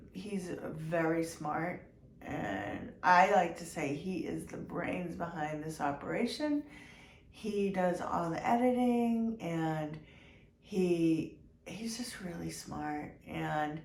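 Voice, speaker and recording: A woman giving a heartfelt personal update to her viewers, congested from a cold, talking slowly with many ums and restarts. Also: lowish voice. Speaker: vlogger. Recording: echoey room with faint noise.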